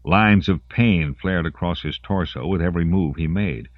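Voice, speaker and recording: A man's voice: low-pitched, normal speed, no room sound, lo-fi sound. A man reading scripted audiobook narration in a dramatic storytelling manner.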